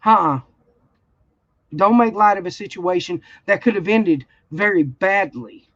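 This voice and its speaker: A woman's voice: medium pitch, moderate pace, a bit bright, dry recording. A woman, telling a story in a blunt, heated way during a casual livestream chat. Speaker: crafting channel host. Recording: dull, slightly lo-fi sound.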